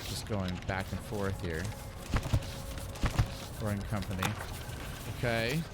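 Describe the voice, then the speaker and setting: A man's voice: on the low side, steady tone, slow pace, over loud music. A man in his forties giving easygoing, self-mocking commentary while playing a game. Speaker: gaming channel host. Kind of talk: casual gameplay commentary.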